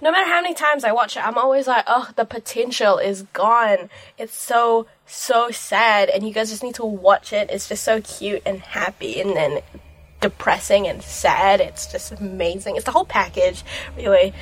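Young woman, casual film vlog, gushing, rambling, fillers, mid pitch, dry close sound. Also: normal speed, breathy edge, no echo. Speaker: film reviewer.

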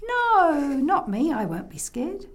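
A small, frightened boy in a told story, his voice jumping high as he protests that he is not scared, as a woman puts him on. His lines come in quick, breathless bursts that rise and fall. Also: very animated, heavily acted. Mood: insistent. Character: young frightened boy insisting he is brave.

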